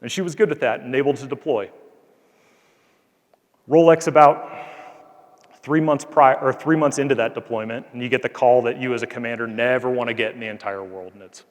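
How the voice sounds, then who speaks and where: A man's voice: medium pitch, fairly quick. A man, an Air Force colonel, giving an earnest, conversational talk to cadets, sharing a story from his time as a squadron commander. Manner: earnest, conversational, frequent "like" fillers. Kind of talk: motivational speech with anecdote. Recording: long hall reverb.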